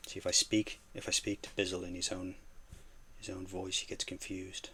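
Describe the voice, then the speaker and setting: A man's voice: low-pitched, completely flat delivery, moderate pace, pushed and bright, a little hiss or hum. A man streaming while he paints miniatures, chatting casually and teasing his viewers playfully.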